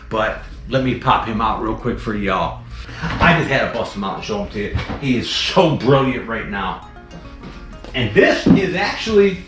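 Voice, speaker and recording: A man's voice: lowish voice, roomy sound. A man, rambling casually as he hosts a tour of his venomous snakes. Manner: chatty, rambling, frequent "um" and "let me tell you". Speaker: venomous snake keeper and channel host. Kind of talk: casual animal-room tour with commentary. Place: indoor snake room.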